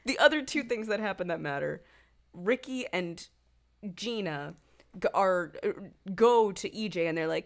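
A woman's voice: fairly low pitch, animated, moderate pace. A woman co-hosting a podcast, summarizing episodes in casual chat and laughing often. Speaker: podcast co-host.

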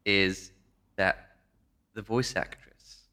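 A woman's voice: very deep voice, fairly even intonation, very slow, bright, forceful tone. A woman co-hosting a casual chat podcast, wry and teasing in her remarks.

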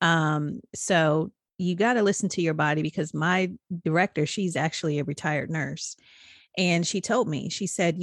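A woman's voice: low-pitched, normal speed, no echo, clean studio sound. A woman co-hosting a podcast in casual chat, telling her own story candidly and animatedly. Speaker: podcast co-host.

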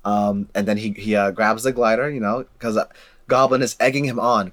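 A young man in casual chat, retelling film scenes in an animated way, with many fillers and repeated words. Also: on the low side, a little fast. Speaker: movie discussion co-host.

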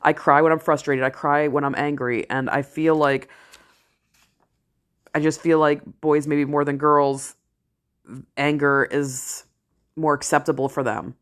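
A middle-aged woman talking straight to camera in a casual vlog, blunt and candid, swearing freely and slowing down to stress key phrases. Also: very deep voice. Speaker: vlogger, parent and ER worker. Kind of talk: casual talking-head commentary.

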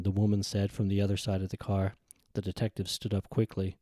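A man reading his own short story aloud in a calm, measured storytelling voice. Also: on the low side, slightly rough, no room sound, studio quality. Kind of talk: scripted audiobook narration.

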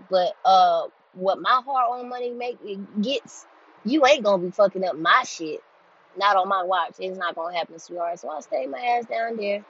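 A woman in her twenties telling a story in a casual monologue, blunt and animated, swearing freely. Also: mid-range voice, husky. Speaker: group home staff telling a story. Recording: dull lo-fi sound.

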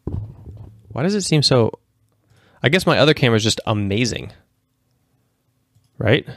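A man's voice: medium pitch, lively intonation, unhurried. A man in his thirties hosting a livestream show, talking casually in a rambling, self-correcting way. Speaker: host.

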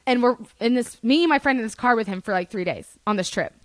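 A young woman telling a casual story as a podcast guest, chatty and animated, swearing freely and saying "like" a lot. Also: fairly high pitch, fast, dry recording. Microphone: studio podcast mic.

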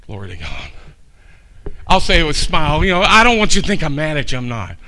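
An older man, a pastor, preaching a fiery sermon that swings from hushed asides to shouting. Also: fairly high pitch, huge pitch swings, fast talker.

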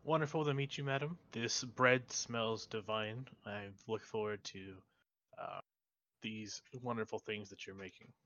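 A man's voice: on the low side, fairly even intonation, a little slow, a bit bright, no echo, muffled recording. A man voicing a polite, courteous male owner in a tabletop game, speaking formally and reassuringly.

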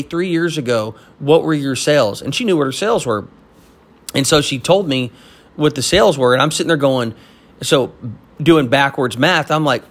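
A young man from Texas, a business owner, telling a story in a casual, animated way and acting out the people he quotes. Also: mid-range voice. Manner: animated, acts out quoted voices.

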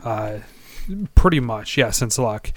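A man's voice: fairly low pitch, dry recording. A man co-hosting a casual sports podcast, rambling and hesitant, often poking fun at himself. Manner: rambling, halting, self-deprecating. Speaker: podcast co-host.

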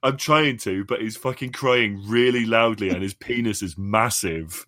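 A man's voice: fairly low pitch, measured pace, a bit bright. A man co-hosting a podcast in casual chat, joking and laughing as he talks. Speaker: podcast co-host.

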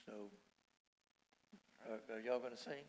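A man, the pastor, introducing a visiting missionary in a relaxed, informal way. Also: fairly low pitch, measured pace, a little hiss or hum. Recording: reverberant church hall.

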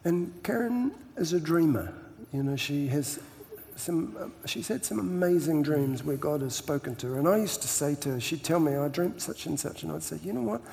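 An older man from New Zealand with a New Zealand accent, telling stories as a pastor guest in a relaxed interview, laughing often and repeating words as he starts his sentences. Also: fairly high pitch, normal speed, creaky, few pauses, slight background noise. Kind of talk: storytelling interview chat. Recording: long hall reverb.

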